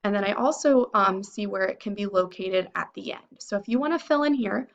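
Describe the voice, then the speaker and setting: A young woman teacher leads a children's phonics lesson, stretching out each sound slowly and clearly. She talks at an ordinary middle pitch. The audio is a little dull, as if recorded on a computer microphone. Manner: slow, clear sounding out of word parts.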